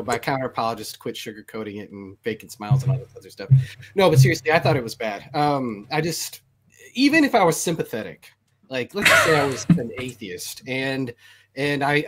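A man's voice: medium pitch, fairly bright tone. Male panel guest, candid and blunt, a bit rambling, on a video call. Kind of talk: casual panel chat.

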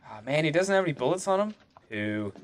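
A man giving excitable let's play commentary, swearing and yelling at enemies as he plays. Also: fairly high pitch, fast, slight background noise. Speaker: gamer.

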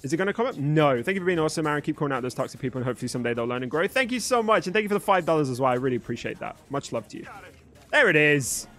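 A young live-stream host from Birmingham, England, with a mostly neutral British accent, thanks viewers and chats with them as he reads the chat. He races along with hardly any pauses, his voice fairly high, a bit bright and lively in intonation.

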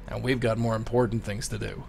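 A man's voice: fairly low pitch, little pitch movement, creaky, darkish tone, a little hiss or hum. Brief: a 1930s New York spirit guide, smart-mouthed tough guy, game dialogue. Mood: wisecracking. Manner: fast-talking tough-guy patter. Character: wisecracking 1930s male ghost guide. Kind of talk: video game voice acting.

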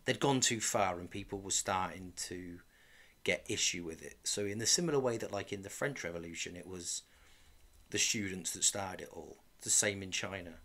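A man's voice: sits low, moderate pace, sharp tone. A man in his thirties co-hosting a podcast, chatting casually and dropping dry jokes as he runs through events. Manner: dry, jokey, reads out events. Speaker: podcast co-host. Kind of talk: casual comedic chat.

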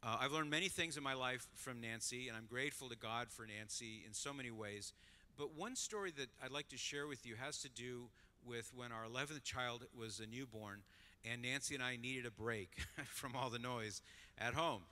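Middle-aged guy giving a talk, bright sharp voice, acts out the story, big hall echo. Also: medium pitch, normal speed. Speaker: conference speaker. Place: large conference hall. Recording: long hall reverb.

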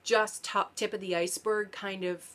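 With a middle-pitched, slightly bright voice, fairly even intonation and normal speed, a Canadian woman who is a parent and vlogger explains things to camera in a casual vlog. She's earnest but turns sarcastic at times, and she keeps going back to fix what she said.

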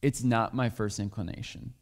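A man's voice: fairly low pitch, fairly even intonation, normal speed. A man preaching a sermon as pastor, talking candidly and sharing personal stories. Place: church sanctuary. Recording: long hall reverb.

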